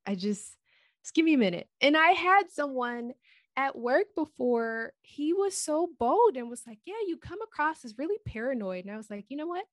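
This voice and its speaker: A woman in casual conversation, telling personal stories candidly, moving between soft, quiet remarks and loud, animated bursts. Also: high-pitched, normal speed, no room sound, studio quality. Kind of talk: casual chat.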